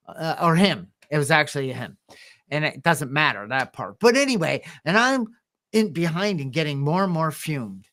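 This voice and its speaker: A man co-hosting a podcast, telling rambling personal stories, often chuckling and clearing his throat. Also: a little high, sing-song, moderate pace, sharp tone. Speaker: podcast co-host. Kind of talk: casual podcast conversation.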